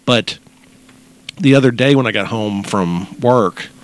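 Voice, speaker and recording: A man's voice: on the low side, measured pace, a little hiss or hum. A man co-hosting a casual podcast, reading a news story aloud and joking about it. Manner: animated, reads news aloud with jokes. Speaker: podcast co-host.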